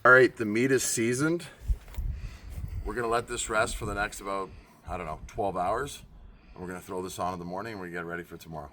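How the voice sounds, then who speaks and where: A man's voice: on the low side, fast talker, pushed and bright, a little hiss or hum. A laid-back man hosting his own barbecue cooking vlog, chatting casually and thinking aloud as he works. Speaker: barbecue cook and show host.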